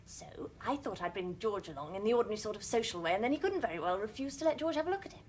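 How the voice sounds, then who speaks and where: An actress playing an earnest, determined young woman in a period television drama, brisk and insistent. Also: mid-range voice, very animated, slight background noise, natural voice.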